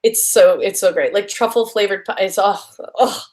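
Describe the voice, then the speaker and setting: A young adult woman, a voice actress appearing as a guest, chats bubbly and gushing in a casual interview, full of fillers and restarts. Her voice is medium-pitched and slightly mellow, and she speaks at a moderate pace.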